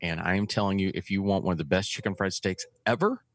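A man's voice: low voice, fast, dry recording, clean studio sound. A man from Texas, co-hosting a podcast, telling stories in a laid-back, casual way. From Texas, USA. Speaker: podcast co-host. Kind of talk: casual chat, storytelling.

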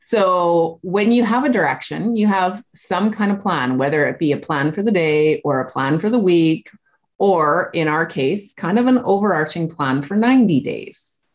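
A woman's voice: fairly low pitch, expressive, normal speed. A woman coach hosting a casual interview, candid and swearing freely, with frequent "like" and "right?" between her thoughts. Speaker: podcast host and coach.

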